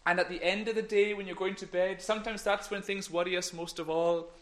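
High-voiced man leading a children's talk. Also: fairly even intonation, brisk, a bit bright. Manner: playful, encouraging, drops to whispers. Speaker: minister giving a children's talk. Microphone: microphone.

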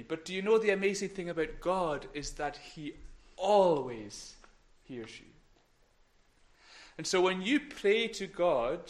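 High-voiced man leading a children's talk. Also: a bit bright. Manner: playful, encouraging, drops to whispers. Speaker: minister giving a children's talk. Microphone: microphone.

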